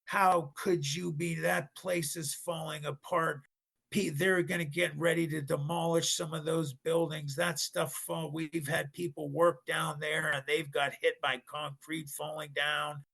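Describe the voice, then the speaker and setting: A man doing a furious yelling father. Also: a little high, flat delivery, measured pace, gravelly, husky, voice pushed up, full character voice. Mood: angry shouting. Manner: shouting, scolding. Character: furious middle-aged father yelling at teens.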